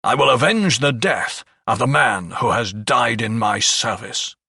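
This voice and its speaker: A man's voice: medium pitch, unhurried, pushed and bright, husky, no echo, clean studio sound, far from the mic, exaggerated voice. A man voicing a ruthless, scheming English lawyer who talks in a sneering, sardonic way.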